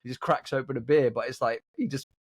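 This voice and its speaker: A man's voice: mid-range voice, steady tone, fast, husky, no room sound, clean studio sound. A man hosting a podcast in casual chat, chatty and laughing along with the others.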